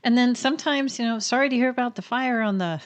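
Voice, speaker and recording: A woman's voice: fairly high pitch, quick pace. A woman co-hosting a podcast, reflecting on the story and then asking a question. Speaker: podcast co-host. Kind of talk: interview questions.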